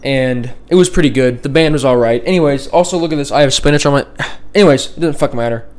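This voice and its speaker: A young man vlogging casually from his bedroom, rambling and swearing with a deadpan, sarcastic manner. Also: mid-range voice, fast. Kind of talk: casual vlog chat. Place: home bedroom.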